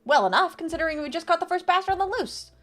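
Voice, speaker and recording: A woman voicing a gruff, rude male patrolman in a video game, speaking brashly and coarsely. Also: very high voice, animated, quick pace, a bit bright, faint music behind, voice pushed up.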